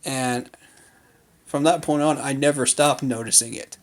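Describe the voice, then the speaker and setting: A man's voice: mid-range voice, fairly even intonation, unhurried. A man giving an unscripted recap of a training day, talking loosely with lots of fillers and firm opinions. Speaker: fan commentator. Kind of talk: casual recap vlog.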